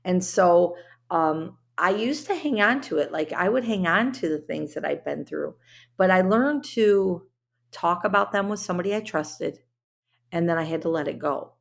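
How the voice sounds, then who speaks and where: A woman with a lowish voice and vocal fry talks at a moderate pace with lively intonation on her solo motivational podcast. Chatty, earnest and heartfelt, she uses plenty of fillers and turns briefly emotional.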